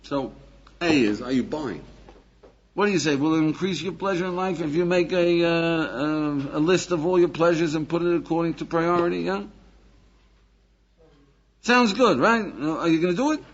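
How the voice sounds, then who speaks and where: A rabbi teaching a class to a live audience in an animated, questioning way, chuckling and acting out little dialogues. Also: male voice, a little high, normal speed. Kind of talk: lively lecture to a live audience. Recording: dull lo-fi archival lecture tape.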